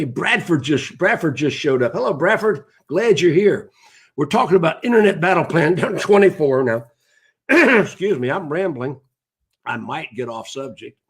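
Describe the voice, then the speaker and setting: A man's voice: medium pitch, breathy edge. A man, hosting a live broadcast in a casual, rambling way and greeting viewers by name as he goes.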